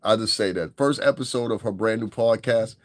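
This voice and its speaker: A man hosts his own podcast, delivering a blunt, profane, rambling commentary monologue in a casual style. His voice is fairly low and his pace brisk, and the recording is dry with clean studio sound.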